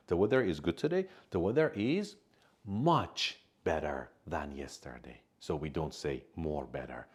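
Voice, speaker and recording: A man teaching an English grammar lesson, speaking carefully, stressing key words and pausing for learners to answer. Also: low voice, husky.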